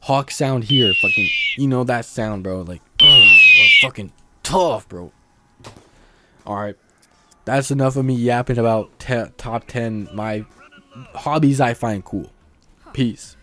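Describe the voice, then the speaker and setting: Young male vlogger, mid-pitched voice, casual profane slang, rambling delivery, recorded outdoors near traffic. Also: huge pitch swings, measured pace, pauses often, a bit bright.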